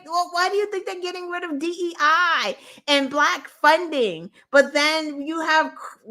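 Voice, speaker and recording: A woman's voice: sits high, bright, forceful tone. A woman hosting a show, giving casual, profane political commentary, incredulous and laughing between points. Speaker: podcast host.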